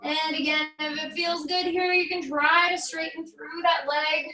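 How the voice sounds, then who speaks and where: An American woman, a fitness instructor, calmly guiding a barre stretching class with encouraging cues and light jokes. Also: very high voice, a little slow, echoey room, far from the mic, soft background music, poor audio.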